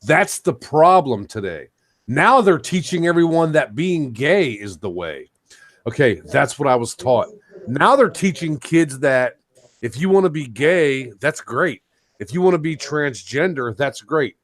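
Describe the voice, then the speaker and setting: A man's voice: on the high side, lively intonation, unhurried. A man hosting a talk show, ranting heatedly in casual talk, swearing and raising his voice when angry. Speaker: show host.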